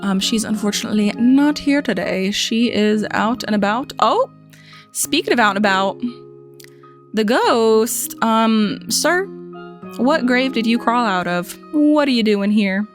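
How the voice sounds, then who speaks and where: A woman's voice: on the high side, animated, a little slow. A woman giving a casual, chatty tour of a game island, full of "like" and "um", joking playfully at the characters. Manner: chatty, lots of "like" and "um" fillers. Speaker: gaming video host. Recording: faint music underneath.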